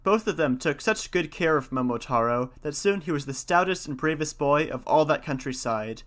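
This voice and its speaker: A man hosting a podcast, reading a folktale and chatting about it in a lively, conversational way. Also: fairly high pitch, normal speed. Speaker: podcast host. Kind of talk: storytelling and casual commentary.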